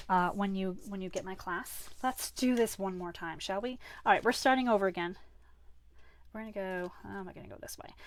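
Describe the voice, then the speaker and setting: Woman running a live card class, chatty, laughs at her own goofs, medium pitch. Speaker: crafting class host. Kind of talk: live card-making demonstration.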